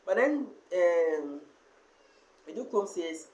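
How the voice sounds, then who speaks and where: A man teaching a language lesson, slowly sounding out and repeating each syllable and word. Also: high voice, lively intonation. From Ghana. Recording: echoey room.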